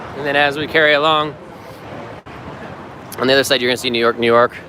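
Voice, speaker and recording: Easygoing male vlogger from the US narrating a walking tour on a phone, city noise clear behind. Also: mid-range voice, fairly even intonation, brisk. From United States. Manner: chatty, easygoing, laughs often. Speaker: vlogger and circus performer. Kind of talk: live-stream walking tour. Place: outdoors on a city street. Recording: outdoor street noise.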